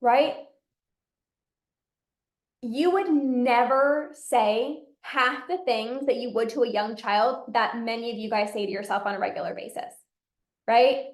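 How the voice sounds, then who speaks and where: High-voiced woman, earnest and encouraging. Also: measured pace, pauses often, echoey room. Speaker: podcast host and binge eating coach. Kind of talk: solo podcast monologue.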